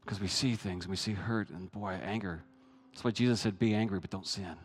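A man preaching a sermon, animated, swinging from hushed asides to loud, high bursts. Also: fairly quick, husky, long reverb tail. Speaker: pastor.

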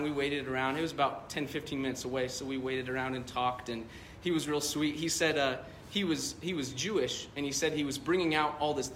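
A man's voice: fairly high pitch, a bit bright, roomy sound, a little hiss or hum. A male pastor preaching a sermon, telling a story in a loose, conversational way with many fillers.

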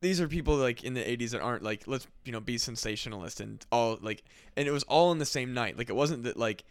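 A man with a smooth, clear voice hosts a casual podcast chat and rambles through a story, packing it with fillers and swearing. The sound is dry and close, with no room echo. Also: medium pitch, expressive, fast. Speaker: podcast host.

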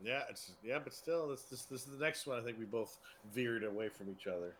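A man co-hosting a casual podcast, rambling through anecdotes with laughs and loud yelps. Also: mid-range voice, animated, fairly quick. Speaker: podcast co-host. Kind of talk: casual chat.

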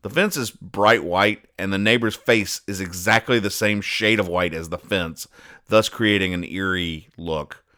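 A man's voice: deep voice, a little slow, sharp tone. Rambling, puzzled podcast host man. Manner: rambling, stops and restarts, puzzled asides. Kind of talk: casual comedic comic-strip commentary.

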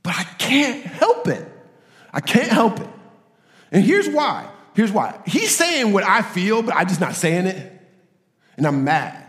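Animated preacher man in an echoey hall. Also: high voice, unhurried. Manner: animated, acts out quoted voices, repeats phrases. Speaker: pastor. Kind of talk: sermon.

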